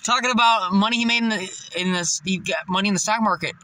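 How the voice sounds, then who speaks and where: A young man casually telling a personal story, swearing constantly and getting loud and emphatic as he goes. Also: high-pitched, fast talker. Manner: swears constantly, animated, gets loud and emphatic when recounting confrontations.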